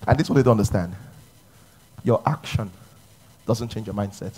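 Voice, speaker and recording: A man preaching a sermon, shifting from loud exclamations to hushed, intimate speech. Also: fairly low pitch, a little fast, a little hiss or hum. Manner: dramatic swings between shouting and hushed speech. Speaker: pastor.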